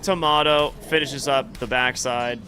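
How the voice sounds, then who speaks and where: A man giving excitable live play-by-play commentary on an esports match, reacting quickly to the action. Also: mid-range voice, a little hiss or hum.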